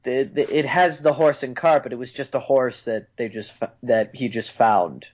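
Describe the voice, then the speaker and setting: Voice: mid-range voice, normal speed, a little mellow, low-quality recording. A co-host in a casual film discussion who talks hesitantly, with many ums and restarts. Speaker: podcast co-host.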